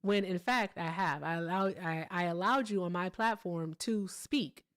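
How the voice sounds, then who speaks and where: A woman with a slightly low voice hosts a live call-in debate. She speaks in a pointed, measured way, pressing callers on their words. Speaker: host of a call-in debate show.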